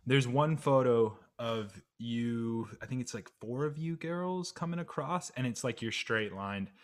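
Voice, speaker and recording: A man hosting a casual podcast interview, relaxed with fillers and frequent laughter. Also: medium pitch, a little slow. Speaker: podcast host.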